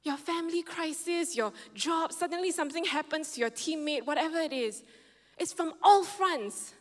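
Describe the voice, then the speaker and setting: A woman's voice: high voice, moderate pace. A woman pastor preaching a sermon, telling a personal story and quoting others in changing tones. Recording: long reverb of a large hall.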